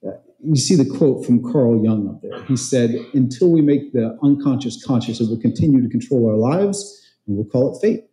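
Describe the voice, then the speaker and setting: Guy doing a motivational talk in an echoey event hall, deep mellow tone, keeps asking the crowd stuff. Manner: conversational, quizzes the crowd, tells stories. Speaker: conference speaker and real estate trainer. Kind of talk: motivational talk to a live audience. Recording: roomy echo of an event hall.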